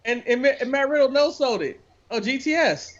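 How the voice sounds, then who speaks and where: A man's voice: very high-pitched, lively intonation, brisk, a bit bright, lo-fi sound. A man co-hosting a casual watch-along chat, teasing and quizzing the others. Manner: teasing, asks the others questions. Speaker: co-host.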